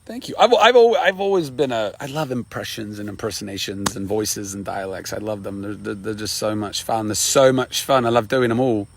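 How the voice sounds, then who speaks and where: A man's voice: lowish voice, brisk, creaky, hardly any pauses. A man chatting casually on a live stream outdoors by a river, rambling with many fillers and laughing often. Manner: rambling, full of fillers and repeated "you know what I mean".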